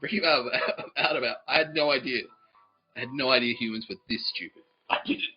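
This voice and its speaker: A man's voice: mid-range voice, brisk, breathy edge, muffled recording, faint music behind. A man hosting a comedy podcast, rambling through a comic monologue, often laughing at his own stories and swearing freely.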